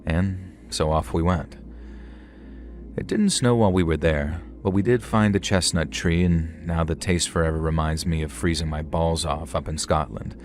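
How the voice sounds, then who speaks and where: A man's voice: low voice, steady tone, moderate pace. A man narrating a first-person horror story in a conversational tone with dry humour.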